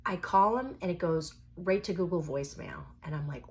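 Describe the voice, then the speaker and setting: A woman's voice: fairly low pitch, moderate pace. Wry woman telling a dating story. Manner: wry, sarcastic, quotes people in lively asides. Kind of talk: casual storytelling.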